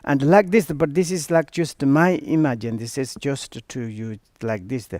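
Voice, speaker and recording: A man whose first language is Tibetan, giving a Buddhist teaching in halting English, pausing and searching for words. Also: medium pitch, dry recording, clean studio sound. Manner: relaxed, with many fillers and asides. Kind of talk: online dharma teaching.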